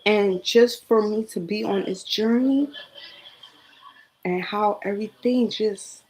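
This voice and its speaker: A young woman, talking casually and earnestly in a personal vlog. She repeats herself and sometimes drops into a soft whisper. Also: mid-range voice, takes it slowly, rough recording. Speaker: vlogger. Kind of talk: emotional personal vlog monologue.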